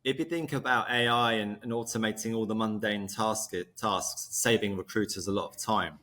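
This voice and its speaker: A man's voice: fairly low pitch, moderate pace, pushed and bright. A man talking in a conversational interview as a podcast guest, laying out ideas step by step in a thoughtful way. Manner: thoughtful, explaining use cases step by step.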